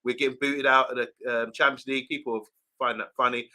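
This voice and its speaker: A man with a very bright, forceful voice hosts a casual live reaction show. He reads viewer comments aloud and gives them shout-outs in an easy, chatty manner. His pitch sits at an ordinary middle level for a man. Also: level tone, fairly quick. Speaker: host reading viewer comments. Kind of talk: live watchalong reaction chat.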